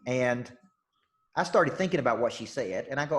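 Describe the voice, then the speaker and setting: A man's voice: mid-range voice, lively intonation, normal speed. A man with a Southern US drawl delivers a motivational coaching session in an intense, upbeat manner. He hammers home points by repeating them and keeps asking his audience "okay?" and "right?" His voice sits in an ordinary middle register. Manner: emphatic and repetitive, checks in with "okay?" and "right?". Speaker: life and business coach. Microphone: online call session.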